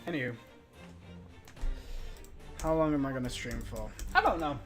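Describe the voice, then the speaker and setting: A man's voice: mid-range voice, expressive, moderate pace, over music. A young British man in his twenties streaming a game, chatting casually in a mock-boastful, provocative way and laughing at his own jokes. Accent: British English. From Britain.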